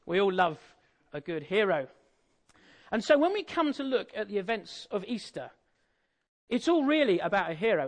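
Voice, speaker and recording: A preacher with a notably high voice gives a relaxed, humorous sermon. He keeps turning to the listeners with questions and asides. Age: adult, married. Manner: conversational, jokey, asks the audience questions.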